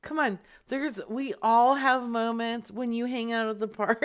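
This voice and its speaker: A woman's voice: fairly high pitch, steady tone, measured pace, smooth. A woman in casual banter as a co-host, blunt and often laughing.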